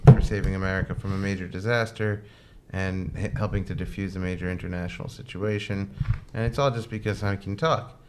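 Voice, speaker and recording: A man's voice: deep voice, slight background noise, close to an everyday voice. A man voicing a talking dog who brags about his past while claiming to be modest. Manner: laid-back, falsely modest. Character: boastful retired male talking dog.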